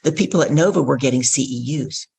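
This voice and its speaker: A middle-aged woman, a guest on an interview show, telling a story in a gravelly, husky voice and acting out the dialogue. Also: very deep voice, fast, darkish tone. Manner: vivid storyteller who acts out dialogue. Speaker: guest, professional speaker.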